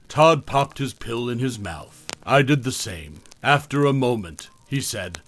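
A man narrating a first-person horror story for a podcast in a calm, even storytelling manner. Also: mid-range voice, a little slow, hardly any pauses.

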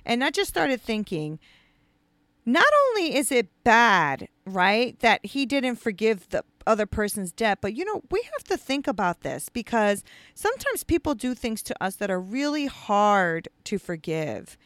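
A woman's voice: on the high side, very animated, measured pace, fairly bright tone, dry recording. A woman giving a casual devotional teaching, talking conversationally with lots of fillers and restarts. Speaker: speaker retelling a parable.

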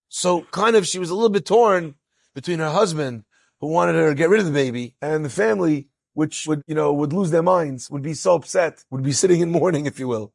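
Husky, animated rabbi telling a story. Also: male voice, medium pitch, dry recording, clean studio sound. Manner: animated, acts out quotes with rising excitement. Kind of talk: storytelling lecture.

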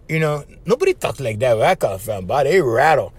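A man with a Hawaiian Pidgin English accent, hosting a podcast and telling stories in a loose, animated way that is full of laughs. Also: mid-range voice, brisk, slight background noise. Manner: animated, laughing often, acts out voices, says "right?" after phrases. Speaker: podcast host. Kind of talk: casual storytelling monologue.

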